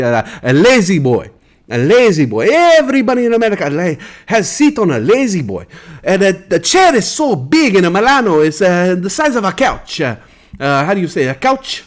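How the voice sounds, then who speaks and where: A man voicing a boastful Italian man from Milan in a comedic character bit, with a put-on Italian accent, halting and searching for English words. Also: high voice. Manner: exaggerated, sing-song comparisons.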